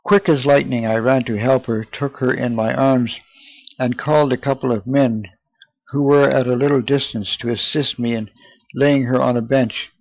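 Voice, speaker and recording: A man giving an earnest, measured, solemn reading of a first-person memoir. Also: mid-range voice, fairly even intonation, gravelly, no room sound. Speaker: narrator. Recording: dull lo-fi, dry.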